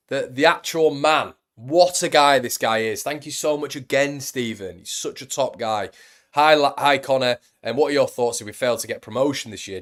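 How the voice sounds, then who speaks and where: A young man hosting a football fan live stream, chatting casually and reading out viewer comments, calling everyone mate and buddy. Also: on the low side. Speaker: football fan channel host.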